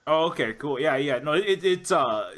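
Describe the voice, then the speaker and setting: The podcast host here has a higher voice, a bit bright, with lively intonation and normal speed. Chatting casually with his interview guest, he rambles, restarts a lot and keeps saying "you know."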